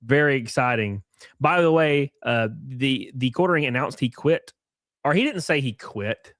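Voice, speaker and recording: A man's voice: medium pitch, lively intonation, normal speed, fairly bright tone, no echo, studio quality. A young man hosting a casual live stream, mocking and sarcastic, swearing freely and thanking viewers for gifted subs.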